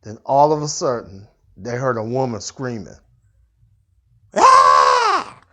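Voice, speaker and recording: A man's voice: medium pitch, normal speed, a little mellow. A man hosting a satirical news show, telling the story as a dramatic, slangy comedic rant.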